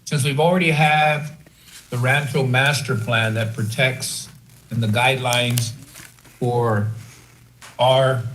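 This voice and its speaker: A man on a city council, politely asking halting, informal questions at a meeting. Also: medium pitch, fairly even intonation, a bit bright, a little hiss or hum, poor audio.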